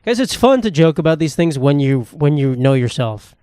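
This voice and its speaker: A man's voice: on the high side, very animated, normal speed, warm tone, smooth, dry recording, studio quality. A young man hosting a solo comedy podcast, rambling and sarcastic, swearing freely. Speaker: podcast host.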